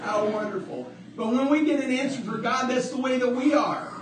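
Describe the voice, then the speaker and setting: High-voiced preacher in an echoey church. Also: male voice, moderate pace, distant mic, background noise. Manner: repetitive, with call-and-response from the congregation. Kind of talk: sermon. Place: church hall, livestreamed service.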